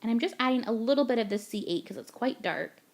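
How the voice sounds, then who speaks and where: A woman's voice: on the high side, lively intonation, fast talker. A young woman from Canada, gushing and chatty as she talks through a card-making tutorial voice-over step by step.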